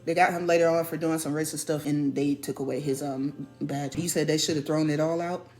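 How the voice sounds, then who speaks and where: A woman telling a personal story in a casual, animated way, stressing and repeating her points. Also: sits low, brisk, faint music behind. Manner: animated, emphatic, repeats key phrases.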